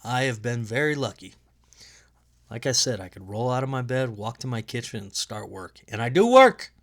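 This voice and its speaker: This nasal-voiced man runs a solo sports podcast from home, talking casually in a medium-pitched, sing-song voice at a moderate pace. His delivery is rambling and profane, and he laughs at his own jokes.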